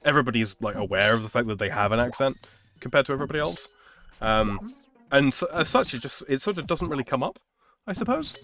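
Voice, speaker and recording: A man's voice: mid-range voice, expressive, fast talker, a bit bright. A man hosting a gaming stream, chatting casually in a musing, hesitant way with plenty of fillers. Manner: musing, hesitant, thinks aloud with many fillers. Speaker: streamer host. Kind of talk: casual chat while gaming.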